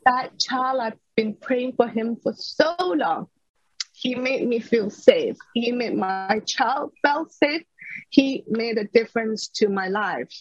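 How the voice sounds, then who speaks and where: Husky-voiced woman telling a heartfelt story. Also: fairly high pitch, slow, no echo. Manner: earnest, heartfelt recounting. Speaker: podcast guest. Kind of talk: personal storytelling in an interview. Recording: slightly dull lo-fi recording.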